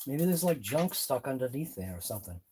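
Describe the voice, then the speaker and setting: Working in his garage during a live RC car workshop stream, the host of an RC hobby channel mutters his thoughts aloud as he wrenches. His mid-range voice has a darkish tone, big pitch swings, and a brisk pace, with slight background noise.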